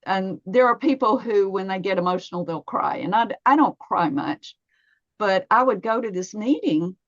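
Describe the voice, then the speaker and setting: A woman's voice: mid-range voice, expressive, moderate pace, no room sound, lo-fi sound. A woman in her fifties, a massage therapist, talking in a podcast interview, telling stories and acting out her own inner dialogue.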